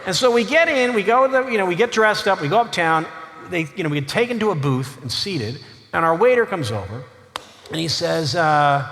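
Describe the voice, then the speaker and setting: Animated, high-voiced male author. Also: brisk. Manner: animated, chuckling asides, frequent "you know". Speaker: author giving a lecture. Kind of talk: humorous storytelling lecture. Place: large lecture hall. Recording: long hall reverb, faint noise.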